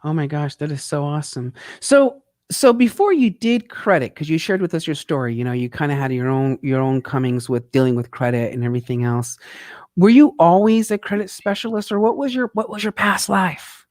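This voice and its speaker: A woman hosting an interview in a bubbly, excitable way, laughing often and reacting with loud exclamations. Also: low voice, a little fast, no room sound, studio quality. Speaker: host. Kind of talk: casual interview chat.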